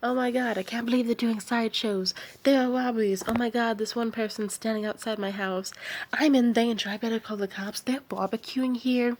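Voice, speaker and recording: A woman putting on a high, exaggerated voice to mock a naive, oblivious newcomer who gushes about a neighborhood. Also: normal speed, darkish tone, natural voice. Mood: panicky.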